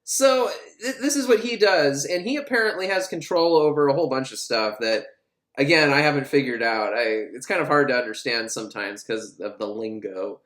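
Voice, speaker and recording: A man's voice: medium pitch, brisk, a bit bright, echoey room, low-quality recording. A man giving a casual, joking film recap, rambling and swearing, with lots of "like". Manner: rambling, profane, joking, full of "like". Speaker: film reviewer.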